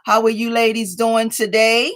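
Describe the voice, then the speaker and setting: A woman's voice: on the high side, completely flat delivery, normal speed, fairly bright tone. A woman hosting a casual craft livestream from home, greeting viewers by name as they join and chatting along, a little sleepy. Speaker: craft channel host.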